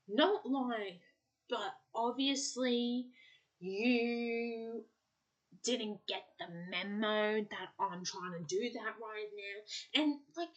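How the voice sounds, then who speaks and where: A woman hosting a solo podcast, ranting and lecturing with exasperation, tagging lines with a pointed "okay?". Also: on the high side. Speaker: podcast host. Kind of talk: solo monologue to listeners.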